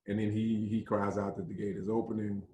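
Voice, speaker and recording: Man, theater director, casual talk, animated retelling, fillers, mellow voice, echoey room. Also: fairly low pitch, a little fast, slight background noise. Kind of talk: casual talk about a play.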